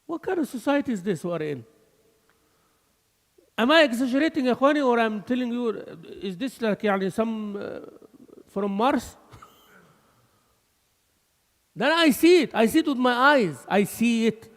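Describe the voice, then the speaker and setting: A man giving an animated mosque lesson, switching between English and Arabic with laughing asides. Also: very high-pitched, fairly quick, in a large hall. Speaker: mosque teacher. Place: mosque hall.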